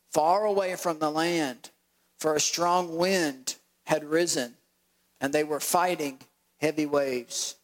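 A male pastor preaching a sermon, animated and acting out voices with laughs. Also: a little high, low-quality recording.

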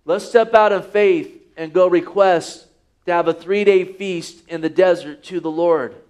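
A man's voice: high-pitched, unhurried, darkish tone, smooth. A man preaching a sermon, reading scripture aloud and asking the listeners rhetorical questions. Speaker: pastor.

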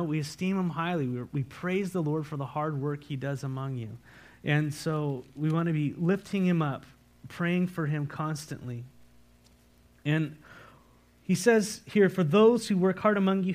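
Man, pastor preaching a sermon, earnest, repeats key words, slightly higher voice. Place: church sanctuary.

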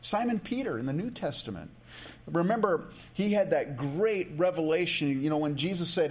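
Man, higher voice, preaching, conversational, repeats words. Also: lively intonation, fairly quick. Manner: conversational, many restarts and asides. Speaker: pastor. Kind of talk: sermon.

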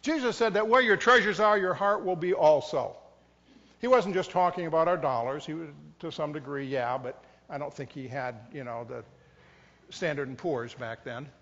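Pitched on the high side, a bit bright and at normal speed, this middle-aged pastor delivers his sermon in a church sanctuary, chatty and poking fun at himself as he voices what his listeners are thinking. The recording sounds dull, with long reverb.

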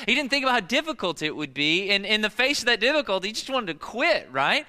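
A man's voice: extremely high pitch, very animated, brisk, hardly any pauses, sharp tone, long reverb tail. A young man preaching a sermon as a pastor, speaking conversationally and emphatically, often restarting his sentences.

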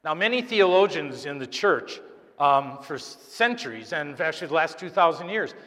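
A man, apparently a deacon, giving a conversational sermon during Mass, halting and joking with the congregation. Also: a little high, lively intonation, bright, forceful tone. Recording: long church reverb.

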